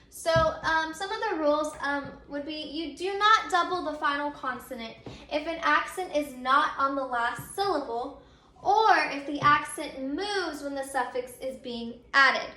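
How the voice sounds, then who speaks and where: High, bright-voiced woman teaching grammar. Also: unhurried. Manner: patient, repetitive explaining with many ums. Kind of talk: recorded grammar lesson. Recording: echoey room.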